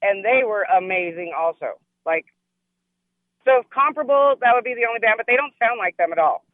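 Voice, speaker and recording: A woman's voice: mid-range voice, expressive, fairly quick, no echo. A woman calling in to a radio show, eager and emphatic. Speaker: caller. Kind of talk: call-in radio talk. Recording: phone-line call-in audio.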